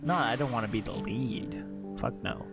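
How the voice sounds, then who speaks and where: A male streamer giving excitable live commentary on a game, swearing and laughing often. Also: mid-range voice, normal speed, over loud music.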